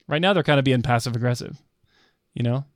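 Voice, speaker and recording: A man's voice: medium pitch, quick pace, no room sound. Middle-aged guy cohosting a podcast, jokey, laughs a lot, dry close mic. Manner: joking, laughs often. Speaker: podcast co-host. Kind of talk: casual chat.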